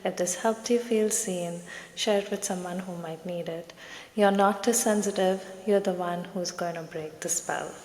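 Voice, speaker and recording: Brief: soft-spoken woman therapist, gravelly edge, roomy echo with a long tail. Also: fairly low pitch, steady tone. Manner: gentle, soothing, speaks in short measured phrases. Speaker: psychotherapist. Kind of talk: reflective therapy talk to camera.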